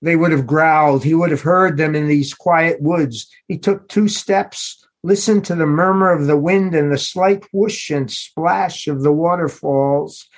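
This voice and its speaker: A man, the author, reading aloud from his novel in a measured, unhurried storytelling manner. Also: on the high side. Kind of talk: literary reading.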